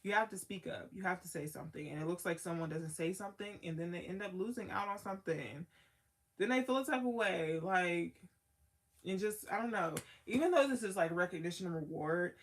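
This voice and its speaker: A woman's voice: fairly low pitch, a little fast. A woman giving a casual tarot card reading as the reader, talking in a loose, slangy way full of "like" and trailing thoughts.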